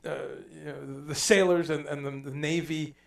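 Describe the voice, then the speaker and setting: A man hosting a casual livestream chat, telling stories in a rambling, animated way and dropping in profanity. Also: fairly high pitch, normal speed, creaky, roomy sound, far from the mic. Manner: rambling, animated storytelling with mock accents and profanity. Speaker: livestream host.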